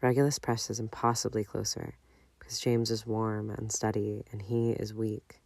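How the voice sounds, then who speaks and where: Gravelly male audiobook narrator. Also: lowish voice, little pitch movement, moderate pace, darkish tone, no room sound. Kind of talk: audiobook reading of fan fiction.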